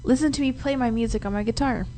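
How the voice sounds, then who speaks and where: A woman radio co-host teaching a short Spanish segment, speaking slowly and carefully with frequent giggles. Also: a little high, dark tone, a little hiss or hum, low-quality recording. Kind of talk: casual radio chat. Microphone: studio microphone.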